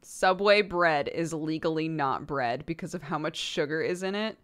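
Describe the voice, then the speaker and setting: A woman's voice: deep voice, normal speed, fairly bright tone, smooth. A woman from the United States streaming from home, chatting casually with her chat and laughing often. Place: home streaming setup, lives in England.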